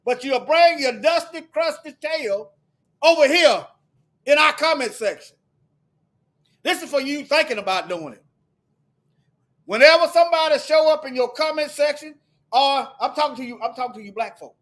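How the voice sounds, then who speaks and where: A man delivering a heated, preachy monologue to his viewers, firing off repeated rhetorical questions and sometimes shouting. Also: extremely high pitch, lively intonation, moderate pace, pauses often. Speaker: video commentator.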